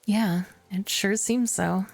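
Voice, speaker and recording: A woman's voice: mid-range voice, slow pace, gravelly, soft background music. Woman streamer reading a visual novel aloud. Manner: expressive, self-deprecating asides between narration.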